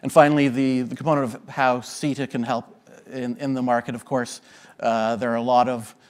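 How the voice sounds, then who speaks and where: A man's voice: mid-range voice, level tone, brisk. A man with an Irish accent, a diplomat giving a conference presentation in a hesitant way, with many fillers and restarts. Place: conference room before an audience.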